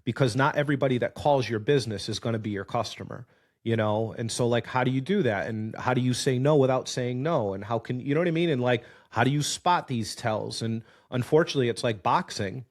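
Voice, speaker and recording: A man who runs auto repair shops, talking loosely as a podcast guest at a middling pitch. He tells stories with real drive, swears freely and acts out the people in them. His tone stays plain and conversational. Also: a little fast. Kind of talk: casual conversation.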